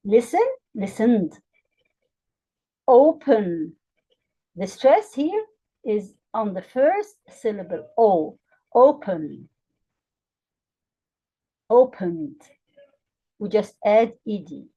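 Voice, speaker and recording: A woman teaching English grammar to learners, with an Arabic accent. She speaks slowly and deliberately, spelling out letters and repeating example words clearly. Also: medium pitch, big pitch swings, mellow, lo-fi sound.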